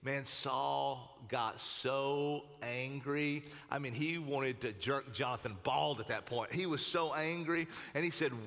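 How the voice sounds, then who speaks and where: A male pastor telling a Bible story in a lively, casual sermon full of slang. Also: medium pitch, slow, creaky, few pauses. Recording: long hall reverb.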